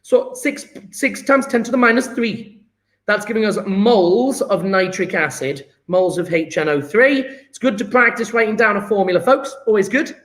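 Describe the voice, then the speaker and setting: Male tutor, higher register; cheerful think-aloud delivery reviewing exam problems. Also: lively intonation, moderate pace, a bit bright. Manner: upbeat, thinks aloud while calculating. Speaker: chemistry teacher. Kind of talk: talking through exam questions.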